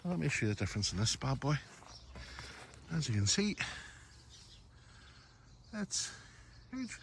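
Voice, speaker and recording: Talking fast with lively intonation, a mid-range-voiced man from Northern Ireland films his garden on a phone while walking through it outdoors. The chatty garden vlogger keeps calling his viewers folks, and slight background noise can be heard.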